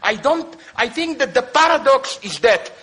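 A man's voice: very high voice, moderate pace, husky. A man giving a digressive public lecture, telling jokes and often correcting himself mid-sentence. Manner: animated, digressive, self-correcting, tells jokes.

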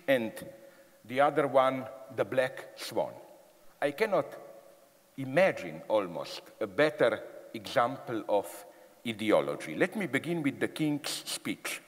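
A man giving a public lecture, emphatic and animated, with frequent fillers and restarts. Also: mid-range voice. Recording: long hall reverb.

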